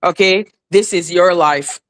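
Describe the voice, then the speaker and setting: A woman hosting a live online panel, talking casually with many fillers and trying to calm things down. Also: on the low side, measured pace, crowd noise, poor audio. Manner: casual, filler-heavy, placating. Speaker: panel host.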